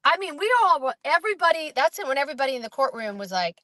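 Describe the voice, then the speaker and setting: A woman with a fairly high voice talks casually, rambling as she retells testimony and slips into quoted voices. The sound is dry and close. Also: very animated, rapid-fire, few pauses, pushed and bright, dry recording, poor audio. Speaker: host recapping a trial. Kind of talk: casual chat.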